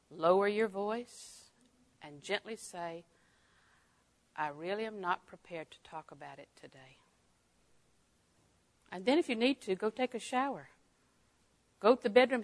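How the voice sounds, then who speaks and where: An older woman teaching a Bible lesson in a folksy way, dropping to a hush and rising to exclaim. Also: mid-range voice. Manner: folksy, swings from hushed to exclaiming.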